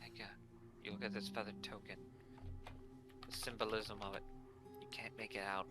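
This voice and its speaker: A man's voice: lowish voice, little pitch movement, normal speed, music in the background. A man narrating as dungeon master in a casual tabletop game, talking loosely with many fillers.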